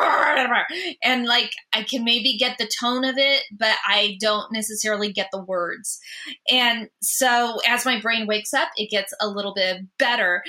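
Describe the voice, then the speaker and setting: A woman's voice: on the high side, bright, forceful tone. A woman guest in an interview, talking openly and with animation while she stutters on repeated sounds. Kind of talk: interview conversation.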